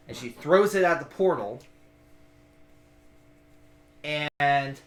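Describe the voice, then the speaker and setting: A man narrating a tabletop game as game master, telling it in an animated way with plenty of fillers, in an echoey room. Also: on the high side, slow pace, pauses often.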